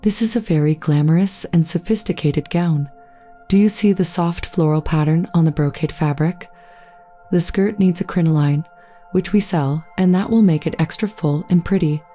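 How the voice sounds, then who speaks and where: Bossy female shop clerk in a read-aloud story, low and mellow, read by a woman narrator. Matter-of-fact, gives orders. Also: normal speed, soft background music, natural voice.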